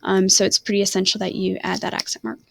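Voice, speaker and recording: A woman's voice: medium pitch, level tone, fast, gravelly, dry recording. A woman teaching a recorded online lesson, rambling and often stopping to correct herself. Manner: self-correcting, apologetic, rambling. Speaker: Spanish teacher.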